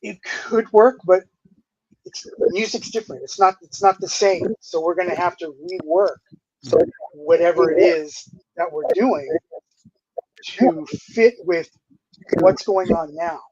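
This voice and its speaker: High-voiced laid-back older man. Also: measured pace. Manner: animated, laid-back, uses dude and you know a lot. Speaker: guest musician. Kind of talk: casual interview storytelling. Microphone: remote streaming call. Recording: dull, slightly lo-fi dry audio.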